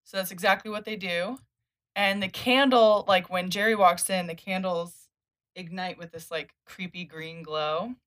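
Low-voiced woman recapping a comic. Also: measured pace. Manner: animated retelling, acts out characters' lines with laughs. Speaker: podcast host. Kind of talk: casual comic recap chat.

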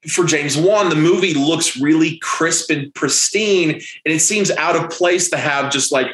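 A man in casual chat, co-hosting a film review, who talks haltingly with many fillers and restarts and some blunt swearing. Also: medium pitch, a bit bright. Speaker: podcast co-host reviewing a horror movie. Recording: roomy echo.

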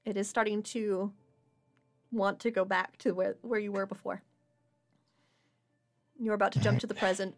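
A woman's voice: mid-range voice, little pitch movement, normal speed, long pauses, faint music behind. A woman narrating a tabletop game as game master, giggly and rambling with fillers.

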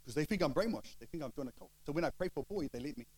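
A middle-aged man, preaching a storytelling sermon and acting out the dialogue with lively shifts of voice. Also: on the high side, very fast, husky, poor audio. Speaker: pastor.

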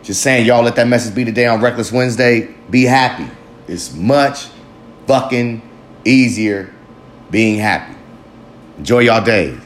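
A man's voice: on the low side, a little hiss or hum. A man hosting his own vlog, delivering a casual, heavily profane motivational monologue and talking emphatically to himself. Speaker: vlog host. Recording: echoey room with faint ambience.

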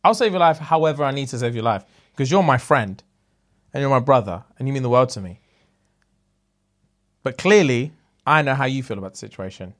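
A man's voice: mid-range voice, expressive, brisk, long pauses. A man in casual banter, acting out scenes and pleading dramatically.

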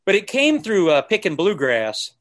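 A man's voice sits high as he talks at a moderate pace, guesting on a podcast. In the casual chat he tells animated stories, acting out the people he quotes and singing short snippets.

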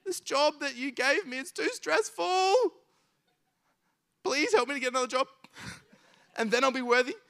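A man's voice: very high voice, expressive, moderate pace, vocal fry, pauses often, pushed and bright, pitched above the performer's own voice, full character voice. A man putting on a frantic, whiny, stressed worker. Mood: distraught. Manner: whiny, strained, near tears.

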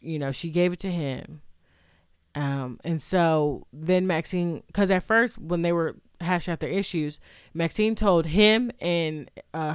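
A movie recap vlogger with a deep, clean-toned voice casually retells a film's plot, rambling with fillers and restarts and reacting aloud to the events. The studio sound is clean, with no room noise.

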